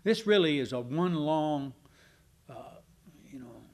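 A male pastor delivering an evening sermon to his congregation. He speaks very slowly and deliberately, leaning hard on key words, and his voice sits a little higher than most men's. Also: animated. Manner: emphatic, with slow deliberate stresses and spoken fillers.

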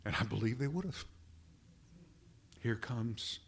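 A man preaching a sermon, slow and deliberate, repeating phrases for emphasis and addressing the congregation as brethren. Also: mid-range voice, animated, vocal fry, a little hiss or hum. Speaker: pastor.

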